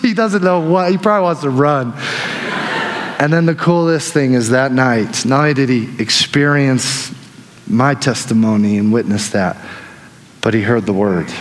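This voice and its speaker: A man preaching a sermon as pastor, telling stories in an animated way that swings between loud and hushed. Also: high voice, slight background noise. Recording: long hall reverb.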